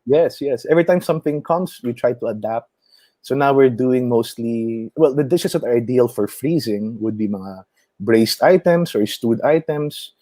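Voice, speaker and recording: A man with a Filipino accent, a chef chatting as an interview guest, animated and quick to laugh as he tells stories. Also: medium pitch, dry recording. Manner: animated storyteller, mixes in Tagalog, laughs often. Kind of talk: casual interview conversation.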